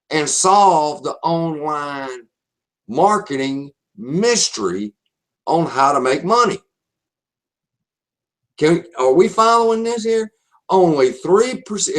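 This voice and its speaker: Slow, emphatic Southern man. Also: a little high. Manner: slow, emphatic, repeats key phrases. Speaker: webinar presenter. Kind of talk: online marketing webinar talk.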